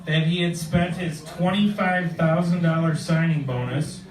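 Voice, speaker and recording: A man announcing guests, reading out a formal introduction in a steady manner. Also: a little high, a little slow. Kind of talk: read-out introduction. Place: club event room with audience. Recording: roomy hall, distant mic, crowd.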